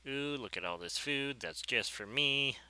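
A man's voice: mid-range voice, animated, a little slow, sharp tone, smooth, voice pushed up. A man voicing a greedy snake in a video game, gleefully savoring the food it gobbles.

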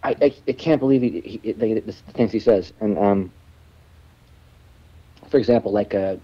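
A man's voice: lowish voice, normal speed, slightly rough, dull audio. A man guest telling rambling stories in a casual interview, stammering, restarting and swearing freely. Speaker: musician guest.

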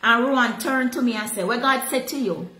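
A Jamaican woman pastor preaching a sermon, slipping into patois with animated delivery. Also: a little high, fairly quick, echoey room, rough recording.

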